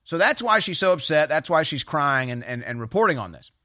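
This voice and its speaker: A man's voice: a little high, sing-song, a little fast, sharp tone, no echo, studio quality. A man hosting a political talk show, delivering opinionated commentary with a mocking, sarcastic edge.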